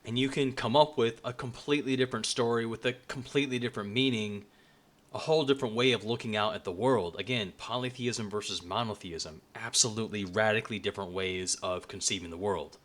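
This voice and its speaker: A man's voice: fairly low pitch, fairly even intonation, a little fast, a bit bright. A man giving a casual explanatory lecture in a conversational way, with restarts along the way. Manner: conversational, restarts, acts out quoted lines. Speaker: religious studies video presenter.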